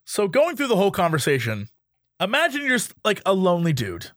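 A young man hosting a podcast, telling a story in an animated, self-amused way with frequent laughter. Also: high-pitched, a little fast, no room sound, clean studio sound. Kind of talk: casual storytelling chat.

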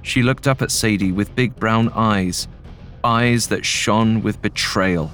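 Low-voiced man narrating a horror story. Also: slow, a bit bright. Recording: faint music bed.

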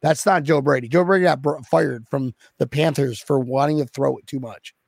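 A man co-hosting a casual sports podcast, talking in quick, rambling bursts full of "like". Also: medium pitch, vocal fry, no echo. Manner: rambling, excitable, lots of "like". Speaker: podcast co-host.

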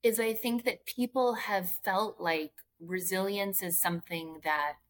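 A woman's voice: mid-range voice, measured pace. A woman guest author from Philadelphia talking about resilience in casual interview chat, earnest and explaining with frequent "right?" and "like".

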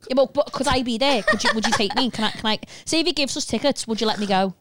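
A woman's voice: on the high side, fast talker, background noise. A woman in casual podcast banter, insistent and defensive, swearing playfully. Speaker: podcast co-host.

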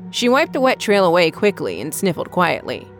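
Woman narrator, lowish pitch, steady scripted horror storytelling. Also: normal speed, faint music behind.

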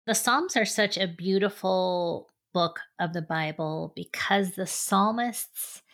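A woman's voice: fairly low pitch, slow pace, fairly bright tone. A middle-aged woman giving an earnest, conversational faith testimony as an author and speaker. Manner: earnest, conversational, frequent "like" and "right?".

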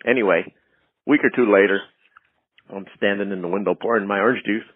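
Guest storyteller, male, husky and low, animated delivery, tinny phone line. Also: a little fast, dry recording. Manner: animated, acts out quoted lines in a raised voice. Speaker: interview guest. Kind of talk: anecdotal storytelling.

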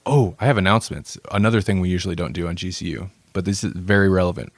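A man with a fairly low voice hosts a podcast in loose, joking chat, rambling and laughing often. The sound is dry and close, with no room echo. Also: quick pace. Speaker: podcast host. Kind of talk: casual chat.

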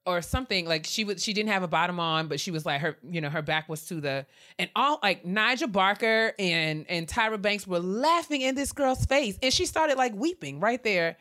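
Expressive woman podcast storyteller. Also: medium pitch, normal speed, few pauses. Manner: expressive storyteller, does playful character voices. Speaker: podcast co-host. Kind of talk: casual chat.

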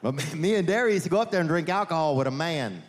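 A man performs stand-up comedy in a reverberant theater where faint audience ambience can be heard. His voice is a little high with lively intonation and a quick pace, and he wanders through digressions, often saying "man" and "you know."

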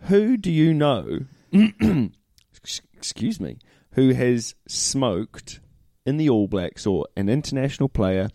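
A man's voice: medium pitch, very animated, takes it slowly, creaky, dark tone, no echo, clean studio sound. A man co-hosting a casual rugby chat, laid-back and matey, calling his friend "mate". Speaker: podcast co-host.

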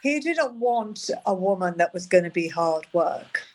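A woman guest on a comedy podcast, making measured, thoughtful remarks. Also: lowish voice, expressive. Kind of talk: casual comedic chat.

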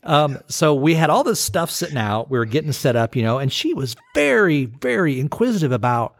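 A man's voice: on the high side, very animated, a little fast, dry recording. A man co-hosting a podcast, telling a story in casual chat with lots of fillers and restarts. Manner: rambling, many fillers and restarts. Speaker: podcast co-host.

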